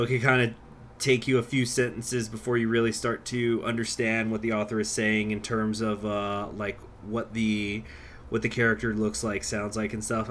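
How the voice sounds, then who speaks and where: A man's voice: lowish voice, fairly bright tone, a little hiss or hum. A man hosting a strategy game let's-play, chatting casually and rambling through asides while reading event text aloud. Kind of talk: casual gameplay commentary.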